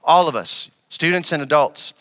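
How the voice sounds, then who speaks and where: A male pastor delivers a sermon in a bright, slightly high voice. He asks the congregation questions and repeats phrases for emphasis. He swings from loud, raised lines to quiet, low ones. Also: moderate pace, in a large hall. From West Africa.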